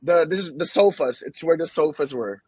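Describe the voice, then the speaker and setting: A man's voice: a little high, animated, fairly quick, a little mellow, husky, no echo, lo-fi sound. A young man co-hosting a podcast, telling funny stories in casual chat, slipping between English and Tagalog slang and laughing often. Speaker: podcast co-host.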